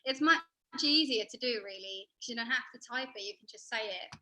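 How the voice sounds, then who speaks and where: A woman guest on a casual livestream offers earnest, encouraging advice. Her voice is bright and slightly high. She speaks in a supportive tone. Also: fairly quick, low-quality recording. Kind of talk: casual live chat.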